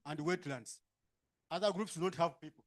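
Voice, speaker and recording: High-voiced Ugandan man directing a workshop. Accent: Ugandan English. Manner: brisk, instructing, frequent tag questions. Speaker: workshop facilitator. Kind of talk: directing participants into groups.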